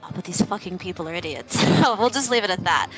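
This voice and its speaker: Woman player, brash and crude, bright voice, faint music behind. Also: lowish voice, quick pace, breathy edge. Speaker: tabletop game player. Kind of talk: casual in-character play.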